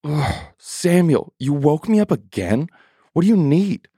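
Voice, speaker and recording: A man's voice: medium pitch, big pitch swings, unhurried, vocal fry, darkish tone, slightly rough, no echo, studio quality, full character voice. A man voicing a sleepy old priest who grumbles when woken, in a storybook reading. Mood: groggy.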